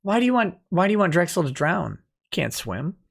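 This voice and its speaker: A man hosting a live stream, reading viewer messages aloud with quick joking asides. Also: high-pitched, very animated, creaky. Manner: drinking whiskey while talking. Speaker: host. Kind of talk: livestream chat reading super chats.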